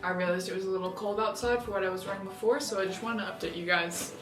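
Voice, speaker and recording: A woman's voice: medium pitch, steady tone, fast talker, music in the background. A young woman chatting casually to camera as she gets ready, giggly and rambling with lots of filler words. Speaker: vlogger. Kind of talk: casual get-ready-with-me chat.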